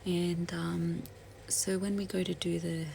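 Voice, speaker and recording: Soft-spoken gravelly-voiced woman vlogger. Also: fairly low pitch, flat delivery, slow, slight background noise, rough recording. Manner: soft-spoken, hesitant, many fillers and restarts. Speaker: beauty vlogger. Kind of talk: get-ready-with-me storytelling.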